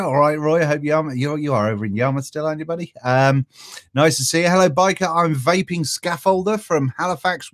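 A man hosting a casual live stream, reading out viewer greetings in a chatty, self-mocking way and stumbling over names. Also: on the high side. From East Anglia. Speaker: vaping channel host.

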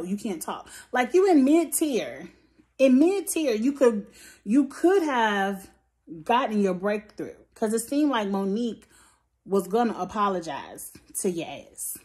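This woman talks through a reality show recap like she's venting to a friend. She is blunt and swears freely, and her delivery stays animated throughout. Her voice sits at an ordinary mid pitch. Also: normal speed. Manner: blunt, profane, animated storytelling. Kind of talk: casual opinionated commentary.

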